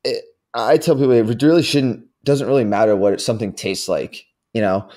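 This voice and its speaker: A man co-hosting a podcast who talks in a loose, rambling way. He fills his speech with "like" and "you know" and throws in quick asides. His pitch is in the ordinary middle range. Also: dark tone. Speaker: podcast co-host. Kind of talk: casual chat.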